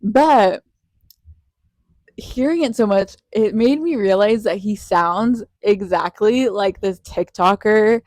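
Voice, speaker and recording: A woman co-hosting a casual fan podcast, animated and giggly, laughing often as she chats. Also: medium pitch, takes it slowly, dry recording, studio quality. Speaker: podcast co-host.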